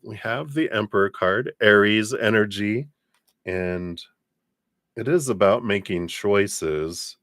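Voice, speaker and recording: A man giving tarot readings on a live stream, relaxed and chatty, with many fillers and warm blessings to viewers. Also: lowish voice, takes it slowly, no room sound. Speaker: tarot reader.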